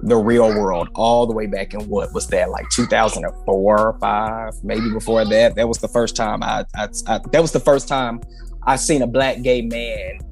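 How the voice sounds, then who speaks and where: A man's voice: fairly low pitch, fairly even intonation, normal speed, creaky, darkish tone, faint music behind. A man from St. Louis, Missouri, a drag performer chatting as a guest from a busy home, easygoing and laughing often. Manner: easygoing, laughs often, many fillers and restarts. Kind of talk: casual interview chat.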